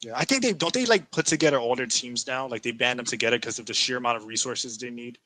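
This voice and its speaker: A man co-hosting a casual gaming talk show, opinionated and animated, often restarting his sentences. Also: mid-range voice, fast talker, no room sound, rough recording. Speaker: podcast co-host.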